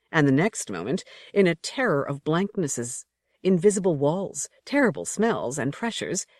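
A woman with a low, warm-toned voice narrating an audiobook story. Her delivery is vivid and rhythmic, with a lively, wide-ranging pitch. The recording is close and dry. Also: dry recording. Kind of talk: expressive scripted narration.

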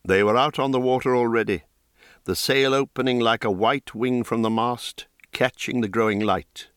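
A man reading a fantasy novel aloud in a measured, deliberate storytelling voice. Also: medium pitch, a bit bright, clean tone, dry recording, studio quality. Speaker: audiobook narrator. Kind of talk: scripted narration of a fantasy novel.

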